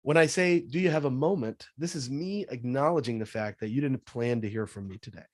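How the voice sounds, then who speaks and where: Energetic man coaching on sales. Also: mid-range voice, fairly quick, no room sound, studio quality. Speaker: sales trainer guest. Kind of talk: casual podcast interview.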